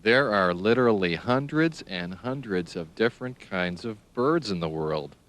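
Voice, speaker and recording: A man doing scripted narration for young children, speaking in a slow, sing-song, encouraging way and spelling words out letter by letter. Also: fairly low pitch, animated, fairly bright tone, dry recording.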